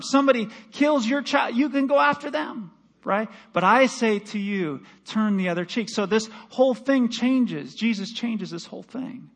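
A male pastor delivering a sermon, building to emphatic peaks and dropping to a hush, and reading scripture aloud with acted voices. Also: very high-pitched. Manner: preaching with rising emphasis and dramatic drops to a hush.

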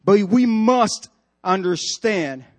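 A man's voice: sits high, lively intonation, slow pace. A male pastor preaching a sermon, emphatic and repetitive, putting direct questions to the congregation in church.

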